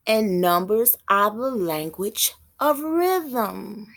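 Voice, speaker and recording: A woman teaching as a self-styled prophetess, thinking aloud in a halting way and stopping to read passages out. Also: mid-range voice, lively intonation, fairly bright tone. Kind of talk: slow spoken teaching.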